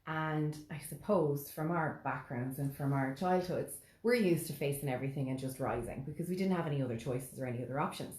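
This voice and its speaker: A low-pitched woman reflecting calmly in casual conversation. She speaks in a measured, thoughtful way. Her voice echoes in the room. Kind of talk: casual chat.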